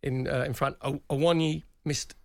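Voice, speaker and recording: A man's voice: fairly high pitch, fairly even intonation, moderate pace, vocal fry, dry recording, studio quality. A middle-aged man, co-hosting a casual football chat and making his points emphatically, repeating himself. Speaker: radio co-host, former footballer. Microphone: studio microphone.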